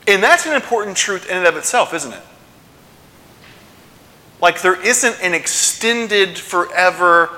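A man's voice: fairly high pitch, sharp tone. A man preaching a sermon to his congregation in a conversational way, often checking in with questions. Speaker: pastor. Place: church sanctuary. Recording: long church hall reverb.

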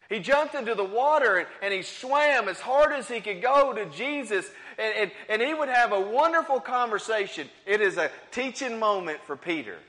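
A man preaching a sermon, dramatic and repetitive, swinging between loud and hushed. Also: high-pitched, long reverb tail.

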